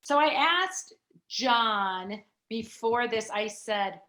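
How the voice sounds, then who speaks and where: Bright-voiced middle-aged woman telling her story. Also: fairly high pitch, extremely slow. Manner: chatty, animated, with many fillers. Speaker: guest. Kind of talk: candid personal storytelling. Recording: echoey room.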